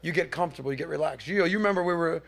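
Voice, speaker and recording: A man in his forties holds the floor on a podcast, telling his story with a somewhat high pitch. He talks in lively bursts. He acts out what others said in exaggerated voices. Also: rapid-fire, vocal fry. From Miami area. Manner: animated, acts out quotes in mock voices. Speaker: podcast host. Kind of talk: casual storytelling monologue.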